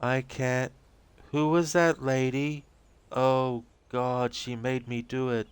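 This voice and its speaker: A man voicing a fragile, confused young waitress who is crying, speaking in slow, halting, tearful pleas while reading game transcripts aloud. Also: mid-range voice, little pitch movement, clean tone, no room sound, pitched above the performer's own voice, natural voice. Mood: dazed.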